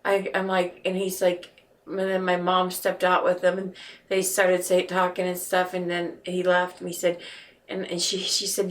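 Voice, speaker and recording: A woman guest telling a painful personal story in a podcast interview, halting and earnest, often restarting her sentences. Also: lowish voice, completely flat delivery, far from the mic. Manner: earnest and emotional.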